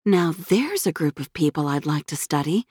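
A woman narrator voicing an eager young female anthropologist talking to herself, in a slightly raised, brisk manner. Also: sits low, expressive, darkish tone, slightly rough, no room sound, studio quality. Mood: musing.

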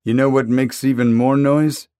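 Man doing a gruff complaining teen boy. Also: mid-range voice, fairly even intonation, moderate pace, warm tone, no room sound, studio quality, close to an everyday voice. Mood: irritated. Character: teenage boy, self-styled first aid leader, blunt.

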